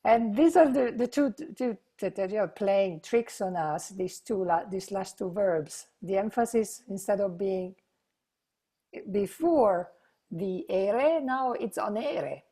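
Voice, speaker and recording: A woman's voice: mid-range voice, lively intonation, takes it slowly, mellow, husky. A woman teaching an online language lesson, patiently explaining and drilling verb forms aloud. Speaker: Italian teacher.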